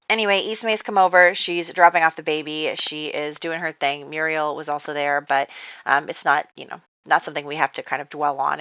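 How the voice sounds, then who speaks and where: A woman's voice: sits low, sharp tone, no echo, dull audio. A woman chatting through her life-simulation game, rambling casually and laughing often. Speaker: gaming YouTuber. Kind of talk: casual gameplay commentary.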